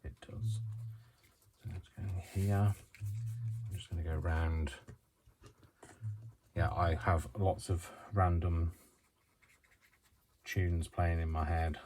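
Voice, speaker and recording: A man's voice: low-pitched, fairly even intonation, takes it slowly, long pauses, darkish tone, slight background noise. A man chatting casually to camera while making a collage, laughing to himself as he works. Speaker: crafting vlogger. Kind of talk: casual crafting chat.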